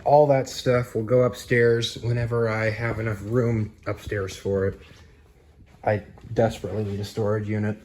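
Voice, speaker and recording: Low-voiced man touring his fan collection. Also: little pitch movement, moderate pace, a little mellow, a little hiss or hum. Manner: rambling, cataloguing items aloud with fillers. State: slightly out of breath. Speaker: ceiling fan collector giving a home tour. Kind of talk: casual walkthrough vlog. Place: house, garage and storage rooms.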